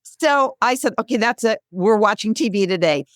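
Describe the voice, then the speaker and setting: A woman in her sixties tells a personal story as an interview guest. She is animated, jumping up in pitch when she plays out quotes and laughing between lines. Her voice sits at a middle pitch and sounds dry and close. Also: normal speed, dry recording. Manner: animated, acts out quotes with bright pitch jumps, laughs often. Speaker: guest, author and speaker. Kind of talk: conversational storytelling.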